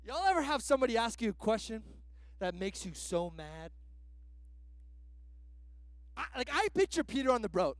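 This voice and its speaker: A guest pastor, a man, preaches in a loose, conversational way, leaning on slang and "like" fillers. His voice sits very high and moves around a lot in pitch. The sound is dry and close, with little room in it. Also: big pitch swings, normal speed, long pauses, no room sound. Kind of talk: sermon.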